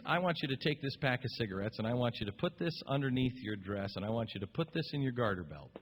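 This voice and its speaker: A man putting on a loud, fawning, theatrical voice for a scheming, flattering ad man. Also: medium pitch, slight background noise, pitched below the performer's own voice, natural voice. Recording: long reverb.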